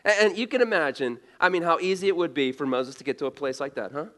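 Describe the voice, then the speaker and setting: A man's voice: on the high side, lively intonation, quick pace, fairly bright tone. A male pastor preaching a sermon in a conversational way, asking rhetorical questions and often restarting his words.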